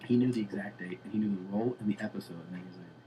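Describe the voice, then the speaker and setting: A comedian tells an animated story in a casual podcast chat, breaking into laughs. His voice is on the lower side. A steady hiss sits under the recording. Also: racing, hardly any pauses, dull audio. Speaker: comedian guest.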